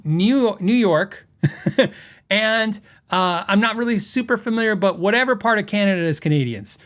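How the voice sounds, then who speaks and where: A podcast host with a fairly high voice for a man tells a story in a loose, rambling way. He restarts sentences and laughs often as he talks. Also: animated, normal speed, a bit bright. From western United States.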